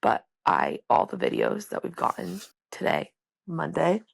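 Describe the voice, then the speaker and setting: A woman in her late twenties, hoarse from being sick, leaving a gushing, excited voice message for a podcast. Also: sits low, moderate pace, no echo. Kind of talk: recorded voice message.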